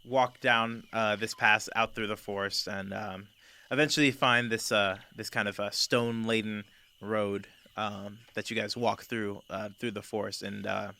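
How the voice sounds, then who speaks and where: A man narrating a tabletop game as game master, halting with fillers. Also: on the low side, steady tone, creaky, sharp tone.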